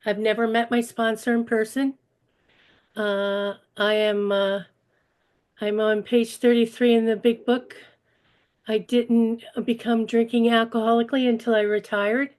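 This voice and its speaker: A woman's voice: on the high side, level tone, unhurried, darkish tone. A woman in her sixties giving a personal recovery share, hesitant and emotional with frequent fillers. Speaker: meeting attendee sharing.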